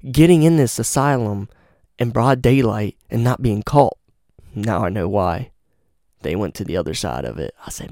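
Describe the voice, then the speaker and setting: A man's voice: fairly low pitch, warm tone, clear, resonant tone, no room sound, studio quality. A young man hosting a podcast, telling a story in a casual, slangy and profane way. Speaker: podcast host. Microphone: studio mic with pop filter.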